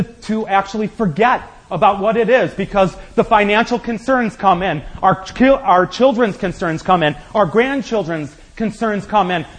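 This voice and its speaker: A man's voice: high-pitched, poor audio. A man preaching a sermon as pastor, building up with rhetorical questions and acting out quotes.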